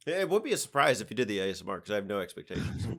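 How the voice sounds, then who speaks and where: Playful, expressive male podcast co-host. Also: lowish voice, rapid-fire, creaky. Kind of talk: casual chat.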